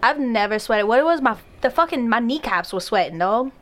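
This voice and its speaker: Fairly high-voiced woman, co-host, loose and teasing, quick to laugh and curse. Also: animated, fairly bright tone. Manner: laughs often, swears casually, teasing. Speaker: podcast co-host. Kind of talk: casual chat.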